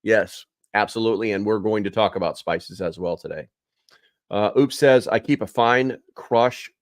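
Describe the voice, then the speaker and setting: A man's voice: fairly low pitch, moderate pace, dry recording, clean studio sound. A man hosting a casual livestream, reading viewer comments aloud and chatting with lots of fillers. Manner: chatty, many fillers, calls viewers bro and dude. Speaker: livestream host reading chat.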